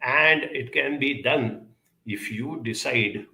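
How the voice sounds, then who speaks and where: A man speaking in a slow, earnest self-help talk, often pausing with fillers. His voice is bright and gravelly. The sound carries a noticeable room echo. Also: mid-range voice. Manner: measured, earnest, many pauses and fillers. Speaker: self-help speaker answering viewer questions. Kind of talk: reflective talk.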